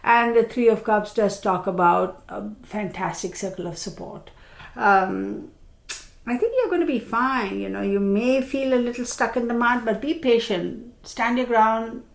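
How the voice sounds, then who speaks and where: A woman's voice: fairly high pitch, measured pace, creaky. Woman doing a tarot reading, tired and stuffy from allergies, echoey room. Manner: reassuring, chatty, many fillers. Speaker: tarot reader.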